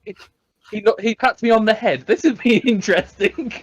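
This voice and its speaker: A man's voice: sits high, moderate pace, slightly rough. A man playing a tabletop game, playfully describing his character's actions. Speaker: player. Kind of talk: casual tabletop play.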